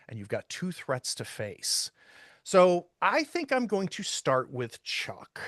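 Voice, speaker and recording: A man's voice: sits high, huge pitch swings, slow pace, a bit bright, no echo, studio quality. A man running a tabletop game as game master, setting the scene in descriptive narration.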